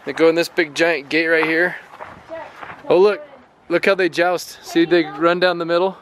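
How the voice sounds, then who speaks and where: A man's voice: on the high side, fairly even intonation, normal speed, fairly bright tone, a little hiss or hum, rough recording. A man, a family vlogger and dad, chatting playfully to the animals as he films outdoors on a farm with a handheld camera. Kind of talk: casual vlog narration. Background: music.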